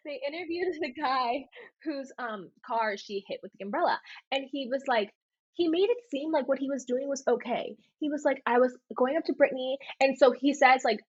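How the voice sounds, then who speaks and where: A young woman co-hosting a casual podcast tells a story with animation, dropping "like" into every sentence. Her voice is a bit high and husky, and the recording sounds dull and dry.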